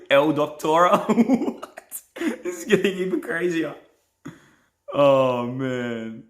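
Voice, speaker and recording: A man's voice: fairly low pitch, fairly bright tone. A young man, a pastor and live streamer, chatting casually and playfully as he reads viewer comments and laughs often.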